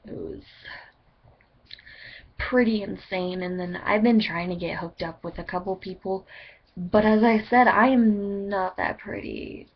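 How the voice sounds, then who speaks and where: A woman's voice: mid-range voice, unhurried, slightly rough. A woman casually telling a story to camera in a rambling, chatty way, swearing freely. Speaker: vlogger. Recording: dull lo-fi webcam audio with faint noise.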